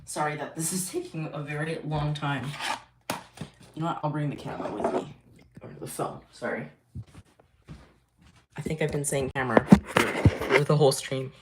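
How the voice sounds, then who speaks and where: Speaking at normal speed with long pauses, a man with a fairly high voice rambles on a live stream from home, full of fillers and false starts. The recording picks up an echoey room and a little faint noise.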